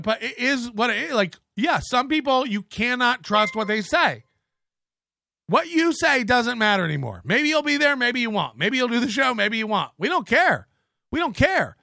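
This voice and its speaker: A man's voice: high-pitched, creaky, sharp tone, no room sound, clean studio sound. A man hosting a livestream, ranting angrily with mocking, profane jabs. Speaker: livestream host.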